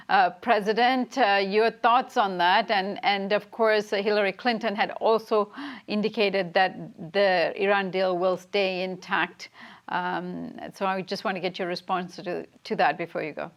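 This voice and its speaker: A woman hosts a news interview in a middling register. She asks her questions conversationally, pausing often on fillers. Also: medium pitch.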